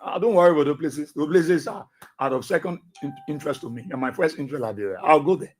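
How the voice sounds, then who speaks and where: A man's voice: on the high side, fast. A man with a Liberian English accent hosting a radio talk show, delivering emphatic commentary with repeated phrases and rhetorical questions. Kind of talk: commentary monologue. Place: radio studio.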